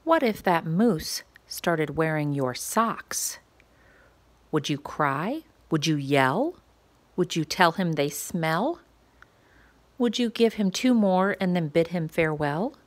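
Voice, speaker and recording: A woman reading a rhyming picture book aloud to preschoolers, asking playful questions in a gentle, sing-song way. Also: sits low, expressive, slow pace. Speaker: children's story reader.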